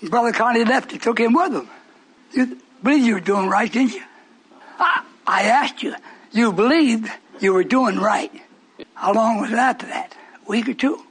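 A man's voice: extremely high pitch, moderate pace, fairly bright tone, slightly rough. A man preaching a sermon to a live congregation, teasing and questioning them in call-and-response. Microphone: broadcast on shortwave radio.

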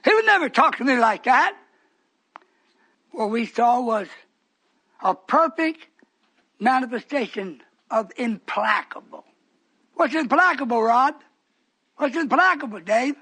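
A male preacher giving a fiery sermon, repeating phrases for emphasis and swinging between shouts and hushed whispers. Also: very high voice, expressive, measured pace, long pauses, breathy edge.

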